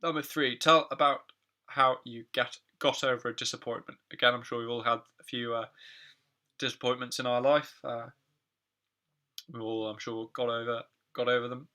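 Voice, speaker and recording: A man teaching an online English lesson on phrasal verbs, talking in a relaxed, chatty way with many fillers and asides. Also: mid-range voice, normal speed.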